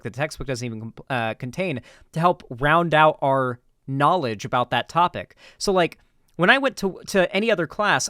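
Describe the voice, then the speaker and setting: A man telling a casual, rambling story in commentary style, animated and swearing now and then. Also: on the high side, dry recording, studio quality.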